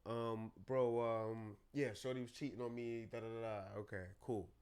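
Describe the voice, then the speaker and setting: A man talking as a therapist guest on a podcast, animated and acting out his clients' voices. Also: medium pitch, moderate pace, smooth. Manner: animated, acts out clients' voices, calls listeners brother. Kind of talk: podcast conversation.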